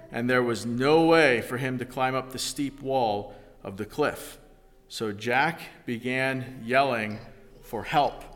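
A man preaching a sermon, telling a story slowly and deliberately before reading scripture. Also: medium pitch, fairly bright tone, in a large hall. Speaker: pastor.

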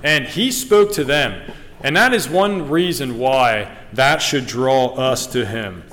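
A man preaching a sermon, earnest and halting, with frequent ums and restarts, reading scripture aloud. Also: medium pitch, expressive, a bit bright. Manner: reads scripture in King James wording. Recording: long reverb of a hall.

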